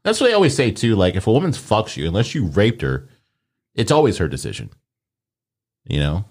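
A man's voice: lowish voice, wildly swooping pitch, a little fast. A man in casual conversation, opinionated and loose, swearing freely. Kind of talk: casual chat.

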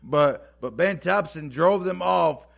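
A man's voice: a little high, slow pace, gravelly. A man co-hosting a podcast, retelling history in a loose, profane, joking way with lots of filler. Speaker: podcast co-host. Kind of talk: casual history storytelling.

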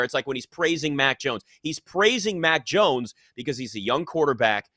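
A man's voice: medium pitch, lively intonation, moderate pace, hardly any pauses, pushed and bright, no echo, studio quality. A man hosting a sports talk debate, emphatic and opinionated.

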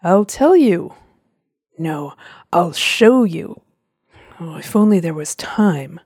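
A woman voicing a theatrical, sepulchral old male spirit who talks slowly and grandly. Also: expressive, a little mellow, breathy edge, no room sound, studio quality, heavily acted. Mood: teasing. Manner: slow, booming, grandly ominous.

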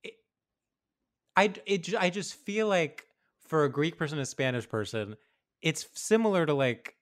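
A man co-hosting a comedy podcast in casual chat, talking in animated bursts with frequent restarts. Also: fairly high pitch, normal speed. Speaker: podcast co-host.

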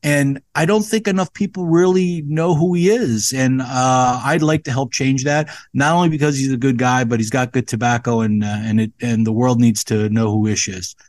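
A man's voice: mid-range voice, fairly even intonation, moderate pace, hardly any pauses, darkish tone, no room sound, studio quality. A man hosting a podcast, introducing his guest in an eager, rambling way. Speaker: podcast host.

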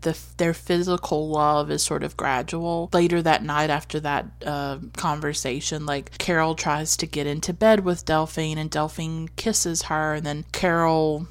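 A woman with a Southern US accent talks through a film she loves in a casual monologue. Her voice sits low with a gravelly edge, and the recording is dry and close. She speaks earnestly and with emphasis. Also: level tone, measured pace, few pauses, dry recording. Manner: earnest, emphatic, frequent "like" and "you know". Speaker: film reviewer.

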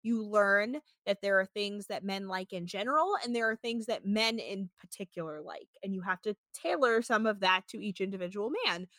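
A young adult woman co-hosting a casual recap podcast, animated and profane. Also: moderate pace, few pauses, no room sound, clean studio sound. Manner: animated, swearing, mimics people in high voices. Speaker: podcast co-host.

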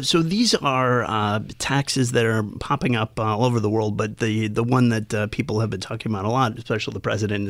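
A man's voice: lowish voice, a bit bright, no echo. A man answering as a tax analyst guest in an interview, explaining at length with many fillers and restarts.

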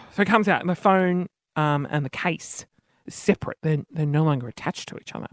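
A woman's voice: sits low, fairly quick, dry recording, clean studio sound. A woman with an Australian accent telling a comic story as a podcast host, chatty and self-deprecating, with a self-described whingy, whiny voice.

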